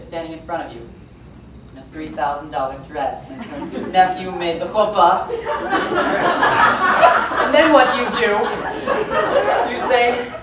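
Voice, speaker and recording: Woman playing a rambling lonely theatre fan. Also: lowish voice. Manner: chatty asides, wistful and rambling. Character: lonely middle-aged man, obsessive musical fan. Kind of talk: amateur stage musical acting. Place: theatre stage. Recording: echoey hall, mic far from stage, noisy.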